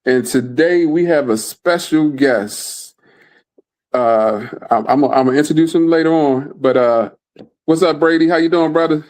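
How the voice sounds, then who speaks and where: A man's voice: on the high side, a little slow, a little mellow. A man hosting a casual podcast chat over a remote call, enthusiastic and repeating his words. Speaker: podcast host.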